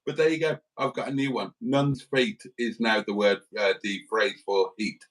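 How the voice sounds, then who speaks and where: A man's voice: on the low side, fairly even intonation, normal speed. Tired British man with dry banter. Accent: British English. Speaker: livestream host. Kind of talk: casual livestream chat.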